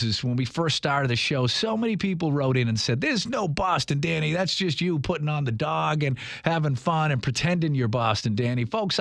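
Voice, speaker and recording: A man's voice: a little high, a bit bright, no echo, clean studio sound. A man in his fifties hosting a talk show, rambling and earnest with many restarts. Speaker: radio show host.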